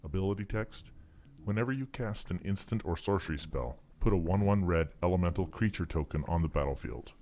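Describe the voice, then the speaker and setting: Casting: man as a deep robot announcer, flat monotone readout, quiet, faint hiss behind. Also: a little fast. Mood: robotic.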